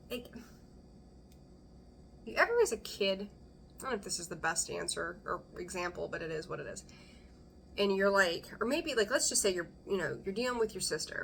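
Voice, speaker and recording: A bright, forceful woman's voice talks straight to the viewer through a tarot spread, blunt and loose with her swearing. She laughs easily and keeps the chat casual. A faint hum of room noise sits underneath. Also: mid-range voice, gravelly. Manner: chatty, blunt, swears freely, laughs often. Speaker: tarot reader. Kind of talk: casual intuitive reading to camera.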